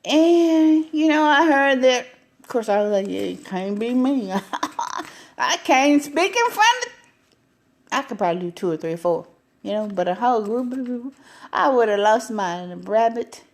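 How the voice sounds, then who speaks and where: Animated woman with sweeping pitch swings. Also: a little slow. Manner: animated, voice swinging up and down, laughing often. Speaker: live stream host. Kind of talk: casual live stream talk.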